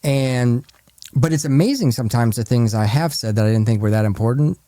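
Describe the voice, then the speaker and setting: A man hosting a casual podcast chat, an animated storyteller who acts out quoted lines. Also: mid-range voice, brisk, dry recording. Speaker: podcast host.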